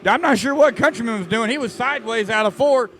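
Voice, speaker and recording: A man calling a dirt track race live, excitable and joking with the crowd. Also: very high voice, quick pace, a little hiss or hum. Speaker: race announcer. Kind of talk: live race commentary over a PA.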